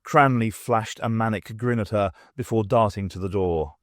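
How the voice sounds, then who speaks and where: A man narrating an unabridged audiobook in a measured, dramatic reading. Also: fairly low pitch, no echo, clean studio sound. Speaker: audiobook reader.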